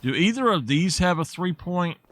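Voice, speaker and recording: A man's voice: high voice, normal speed. A man chatting casually and telling stories while streaming a farming game. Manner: relaxed, rambling storyteller. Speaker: gaming streamer. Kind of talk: casual chat while playing.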